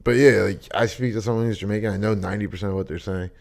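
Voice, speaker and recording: A man with a low, deep voice hosts a podcast and keeps the talk loose and joking. He swears freely and drifts from topic to topic in easy casual chat. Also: fairly even intonation, racing, gravelly, darkish tone. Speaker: podcast host.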